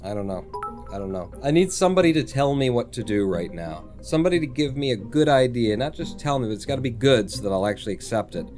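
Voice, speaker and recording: A man's voice: medium pitch, expressive, quick pace, a little mellow, faint music behind. Rambling, cursing male game streamer. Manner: rambling, swears casually, thinks aloud, reads chat. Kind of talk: live-streamed gameplay chat.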